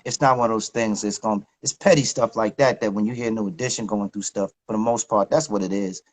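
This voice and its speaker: A man's voice: lowish voice, fairly even intonation, fast, a little hiss or hum, rough recording. A middle-aged man talking as a guest in a casual interview, candid and reflective, with slangy speech. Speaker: guest, recording artist.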